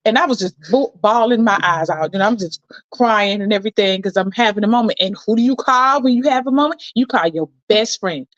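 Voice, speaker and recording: A woman's voice: medium pitch, fairly quick, dry recording, lo-fi sound. A middle-aged woman co-hosting a live chat show, telling stories with lots of feeling. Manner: animated, emotional storyteller. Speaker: co-host.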